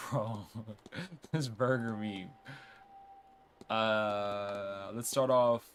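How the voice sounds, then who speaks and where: A man's voice: on the low side, extremely slow, slight background noise. A man streaming a game, chatting casually, riffing and reading dialogue aloud. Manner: chatty, reads dialogue aloud, riffs and jokes. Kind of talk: casual game let's play.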